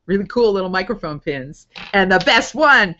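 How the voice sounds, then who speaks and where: Middle-aged woman voice coach, conversational live Q&A, mid pitch, dull lo-fi recording. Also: lively intonation, normal speed, sharp tone. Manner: chatty, upbeat, answers viewer questions. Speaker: voice over coach. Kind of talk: live Q&A webinar. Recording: dull lo-fi audio.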